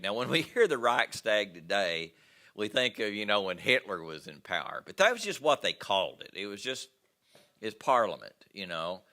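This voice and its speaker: Older man, low voice, bright forceful tone, history lecture, chatty with fillers. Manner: conversational, with many fillers and personal anecdotes. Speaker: history teacher. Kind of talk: classroom lecture. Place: classroom.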